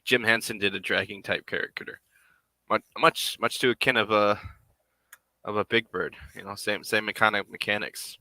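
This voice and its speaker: A man's voice: lowish voice, steady tone, normal speed, bright, forceful tone, no echo. A man making a puppet on a live stream, rambling casually and half to himself as he works. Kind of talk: casual live-stream chat while working.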